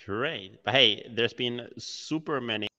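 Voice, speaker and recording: A man hosting a podcast interview, asking questions in a halting way with many fillers. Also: mid-range voice, pushed and bright, in a large hall, muffled recording. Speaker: podcast host.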